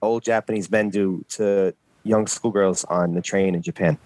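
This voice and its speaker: A man's voice: low-pitched, steady tone, moderate pace, darkish tone, no echo. A man in casual podcast banter who breaks in with wry, exasperated remarks.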